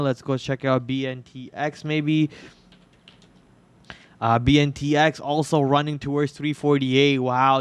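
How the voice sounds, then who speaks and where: A hoarse man hosting a live trading stream, talking through stock charts in a rambling way with many restarts, on a podcast microphone. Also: mid-range voice, no echo. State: hoarse, itchy throat. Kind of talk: live market commentary.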